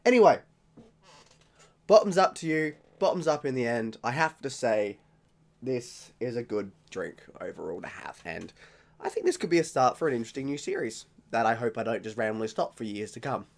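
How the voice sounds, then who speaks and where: A man's voice: medium pitch, lively intonation, fairly quick, creaky. Rambling, jokey Australian man. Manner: rambling, jokey and self-mocking. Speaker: vlogger. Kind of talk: casual beer-tasting vlog.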